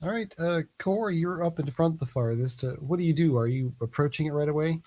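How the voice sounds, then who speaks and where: A man narrating a tabletop game as game master, relaxed and hesitant with many fillers. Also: a little high, brisk.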